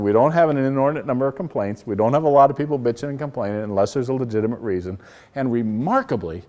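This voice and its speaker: A man's voice: mid-range voice, darkish tone. Blunt folksy man presenting. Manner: folksy, blunt storytelling with quoted dialogue; rhetorical questions to the crowd. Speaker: company CEO giving a presentation. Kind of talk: live business presentation to an audience.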